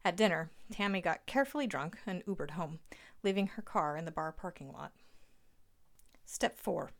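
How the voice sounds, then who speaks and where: A woman's voice: lowish voice, a little fast. A woman narrating a story aloud in a dry, wry manner.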